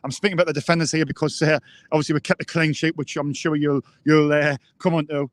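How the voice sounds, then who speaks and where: Hesitant football fan. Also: male voice, fairly high pitch, little pitch movement, fast, no room sound. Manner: hesitant, lots of ums and restarts. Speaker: fan show co-host. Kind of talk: live fan podcast chat.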